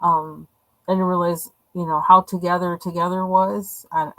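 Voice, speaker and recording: Chatting while she colors on a livestream, this host rambles hesitantly and uses many fillers. Her lowish voice holds a level tone at normal speed and sounds fairly bright. There's no room sound, though the recording is rough.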